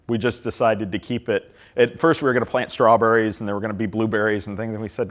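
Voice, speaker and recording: A man's voice: fairly low pitch, quick pace, few pauses. A man in his fifties from Ohio, a park system director giving a plain-spoken leadership talk to a live audience, often acting out dialogue.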